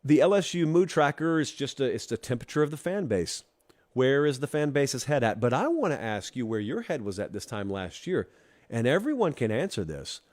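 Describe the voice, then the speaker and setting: A man's voice: on the high side, darkish tone. A man from Georgia hosting a college football talk show, giving opinionated commentary with a wry, teasing, emphatic manner as he speaks straight to the fans. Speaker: show host.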